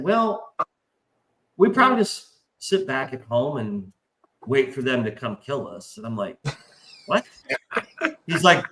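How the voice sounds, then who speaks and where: Male panelist, forceful bright voice, profane and rambling, roomy echo. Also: mid-range voice. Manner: animated, acts out quoted voices. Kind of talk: casual chat. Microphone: remote stream call mic.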